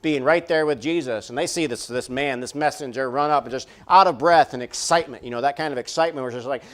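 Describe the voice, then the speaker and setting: A man's voice: mid-range voice, fast, a bit bright. A man preaching a sermon in a church, conversational and repetitive, full of rhetorical questions. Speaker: pastor. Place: church sanctuary.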